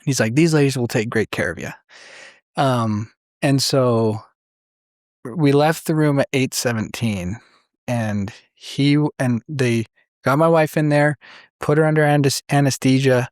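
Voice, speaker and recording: A man from Idaho speaks as a podcast guest at an ordinary middle pitch, the recording close and dry with no room sound. He tells his story casually, stumbles through fillers, and lifts into other people's voices when he quotes them. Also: measured pace, no room sound. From Idaho, USA. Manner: animated, acts out quoted voices, many fillers.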